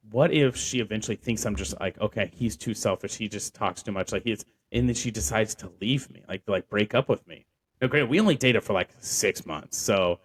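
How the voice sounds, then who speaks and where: A man's voice: fairly low pitch, fairly bright tone. A young man hosting a podcast, telling a personal story in a rambling way with lots of fillers and restarts. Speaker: podcast host. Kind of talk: casual storytelling.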